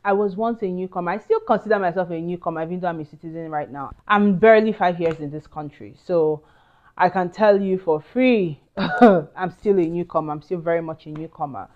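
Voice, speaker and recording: A woman's voice: on the low side, a little mellow, muffled recording. Earnest Nigerian woman giving career advice. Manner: earnest, emphatic, chatty with asides. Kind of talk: casual advice talk to camera.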